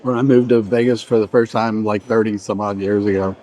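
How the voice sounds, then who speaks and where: A middle-aged man with a fairly low voice talks his way through a food-tasting vlog. He rambles and trails off mid-sentence between bites, recorded inside a restaurant. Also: steady tone, brisk, dark tone, muffled recording. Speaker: vlogger reviewing a buffet. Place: indoor buffet restaurant.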